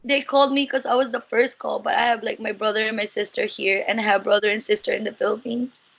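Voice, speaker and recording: High-voiced woman, emotional and halting. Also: fairly even intonation, gravelly. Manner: earnest, emotional, halting retelling. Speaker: interviewee. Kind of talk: emotional personal account. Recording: muffled lo-fi recording.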